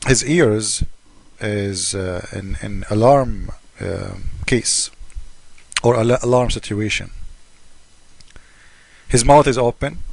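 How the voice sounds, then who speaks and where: A man's voice: medium pitch, no room sound. A man speaking in an emphatic, mocking casual monologue, with broken English grammar. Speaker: video commentator.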